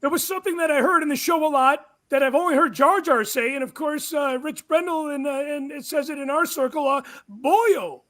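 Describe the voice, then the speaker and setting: A man's voice: very high-pitched, a little fast, hardly any pauses, pushed and bright. A man hosting a podcast in casual chat, playful and quizzing, laughing often. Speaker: podcast host.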